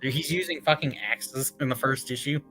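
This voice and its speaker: A man hosting a casual comic review chat, excitable, laughing often and swearing casually. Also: medium pitch, fairly quick, faint music behind.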